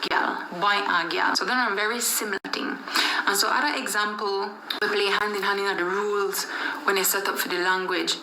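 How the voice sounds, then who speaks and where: A woman's voice: medium pitch, bright, forceful tone, a little hiss or hum. Chatty woman from Belize in an echoey room. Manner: chatty, acts out example phrases. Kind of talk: casual explanation of sayings.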